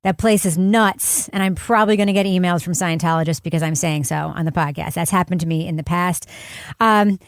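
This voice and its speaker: A woman's voice: on the low side, brisk, smooth, no echo, studio quality. A woman hosting a podcast panel, chatting casually and giving blunt, emphatic opinions. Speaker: podcast host.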